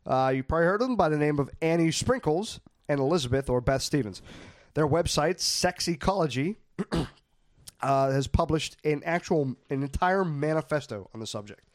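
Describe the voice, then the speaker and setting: A man hosts a comedy show in a lively, bouncy voice a bit higher than most men's. He teases his co-hosts and plays up the jokes, and the sound is close and dry. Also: normal speed, dry recording. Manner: playful, teasing, lively delivery. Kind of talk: comedic banter.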